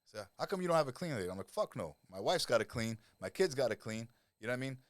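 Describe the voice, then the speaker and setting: A middle-aged man, a lifestyle coach talking as a podcast guest, who tells animated stories, swears freely and acts out the people he quotes. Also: mid-range voice, racing, dry recording, studio quality. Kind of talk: casual podcast conversation.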